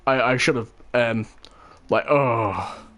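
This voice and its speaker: Speaking slowly with a medium-pitched, fairly bright voice, a young man from New Zealand hosts his channel. His casual gaming-session story wanders, with curse words and quotes he acts out.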